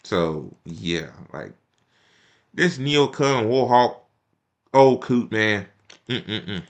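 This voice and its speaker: A man's voice: fairly low pitch, expressive, drawn-out words. A man giving profane, mocking reaction commentary, laughing often. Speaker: commentary streamer reacting to a speech.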